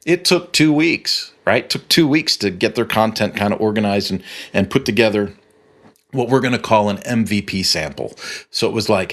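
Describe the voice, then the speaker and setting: A man's voice: on the low side, moderate pace, a bit bright. A man who runs a web agency, telling client stories in a casual, rambling monologue full of restarts. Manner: rambling, storytelling with frequent restarts. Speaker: web agency owner and podcast host.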